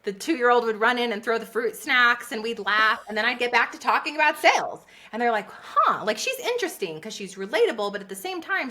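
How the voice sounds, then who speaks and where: A woman guest on a podcast, a business coach, telling her story in a lively conversational way and acting out what people said. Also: on the high side. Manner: animated, laughs often, acts out quotes.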